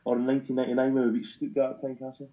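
A man's voice: medium pitch, completely flat delivery, rapid-fire, highs cut off. A Scottish man co-hosting a casual football podcast, blunt and opinionated, laughing often. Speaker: podcast co-host. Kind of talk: casual chat.

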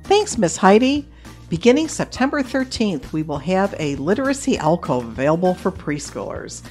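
Low-voiced woman making a library announcement. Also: sing-song, normal speed, darkish tone, soft background music. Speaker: children's department librarian. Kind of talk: scripted announcement.

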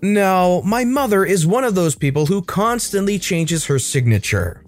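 A man reading online stories aloud, narrating in an expressive, animated storytelling manner. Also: sits high, moderate pace, soft background music.

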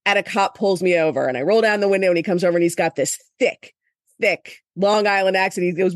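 A middle-aged woman from Miami hosting a podcast interview, chatty and quick to laugh at herself. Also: mid-range voice, dry recording, studio quality. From Miami, Florida. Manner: chatty, laughs often, self-deprecating. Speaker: podcast host.

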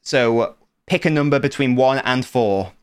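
A man's voice: mid-range voice, clear, resonant tone. Playful man hosting a quiz. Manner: playful, teasing, quick to laugh. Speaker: podcast host running a quiz. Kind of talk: casual podcast chat.

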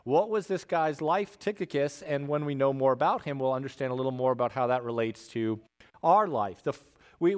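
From a church stage, a male pastor with a mid-range voice preaches a sermon in a relaxed, conversational way, dropping in bits of slang.

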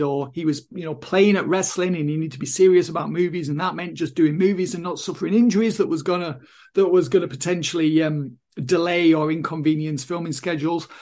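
A man's voice: on the high side, darkish tone. A man co-hosting a casual wrestling podcast, giving rambling, opinionated takes full of "I mean". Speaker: podcast co-host.

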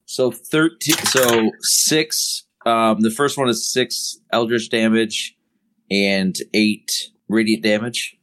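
A man's voice: fairly low pitch, fairly even intonation, fairly bright tone. A man playing a tabletop role-playing game, swearing heavily and mocking another player's character. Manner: profane, mocking, reads dice rolls slowly. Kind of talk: tabletop role-play banter.

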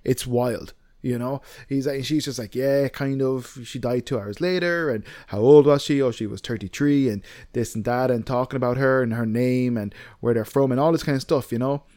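A man's voice: medium pitch, fairly quick, few pauses, mellow, dry recording. A man with an Irish accent co-hosting a casual podcast, telling a long story in a rambling way, full of fillers and the odd swear word. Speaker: podcast co-host.

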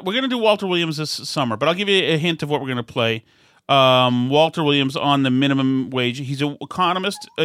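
A man's voice: a little high, a bit bright, slight background noise. A man hosting a talk show, joking and teasing his co-host. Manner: teasing, playful. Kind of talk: casual banter and hosting.

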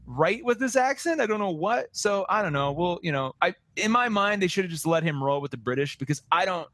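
Guy talking movies super fast on a podcast, bit high voice, dry close mic. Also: no echo. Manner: rapid, rambling, animated with many restarts. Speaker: podcast co-host. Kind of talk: casual chat about movies.

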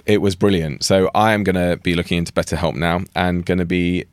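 A man's voice: sits low, little pitch movement, fairly quick, dry recording, studio quality. Chatty young podcast co-host man. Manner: chatty, laughs often. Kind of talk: casual podcast chat.

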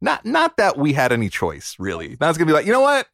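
A man's voice: a little high, wildly swooping pitch, quick pace, vocal fry, fairly bright tone, no room sound, clean studio sound. A man hosting a casual podcast chat, playful and teasing, with self-deprecating jokes. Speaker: podcast host.

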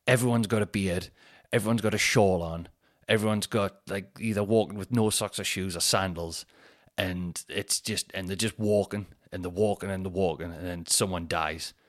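A man chats on his own podcast. He rambles through his thoughts, pokes fun at himself and swears casually, in a voice that sits a bit low. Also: a bit bright. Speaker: comedian podcast host. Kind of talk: casual solo chat.

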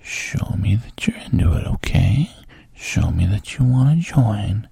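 A man voicing a smooth-talking, pushy young fraternity guy in a whispered role-play, coaxing and calling the listener pet names. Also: fairly low pitch, animated, unhurried, mellow, no echo, clean studio sound, heavily acted. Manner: coaxing, calls the listener baby and sweetheart.

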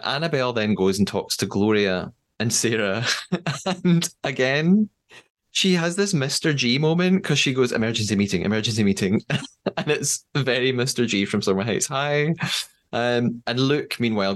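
Man, English accent, podcast host, casual recap, animated, mid pitch. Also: a little slow. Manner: animated storytelling, acts out quotes.

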